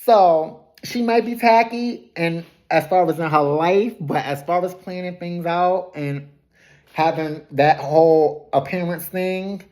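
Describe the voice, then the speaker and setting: A woman's voice: fairly low pitch, slow, darkish tone. A woman giving a casual, gossipy recap of a reality TV episode, laughing often, throwing shade and correcting herself as she goes. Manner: loose colloquial phrasing with frequent self-corrections.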